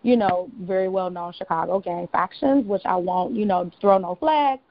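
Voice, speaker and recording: A woman co-hosting a podcast speaks at normal speed with a fairly low pitch and a Southern US accent. The conversation is casual; she's chatty, laughs often and says "you know" constantly. Audio is a dull lo-fi home recording with fan hum.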